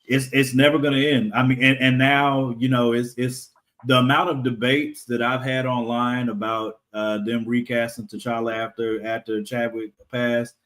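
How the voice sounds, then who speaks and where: A man from the United States talking casually as a podcast guest, halting with fillers and laughing often. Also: medium pitch, level tone, fairly bright tone. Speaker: podcast guest, comic creator. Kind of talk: casual interview conversation.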